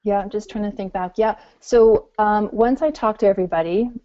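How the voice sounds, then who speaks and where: A middle-aged woman talking casually in an interview and acting out her customers' excited reactions. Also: mid-range voice, brisk, no room sound. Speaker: guest entrepreneur. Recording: muffled call audio.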